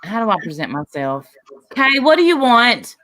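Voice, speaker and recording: A woman's voice: on the high side, big pitch swings, moderate pace, sharp tone. A woman hosting a casual livestream, rambling and trailing off mid-sentence as she chats with her co-host.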